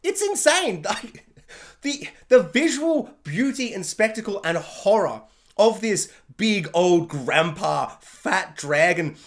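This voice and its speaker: A woman rattling through a spoiler review with a voice that leaps up and down all the time. She jokes, rants and slips into quick mock voices for the characters. The talk is casual and animated. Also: mid-range voice.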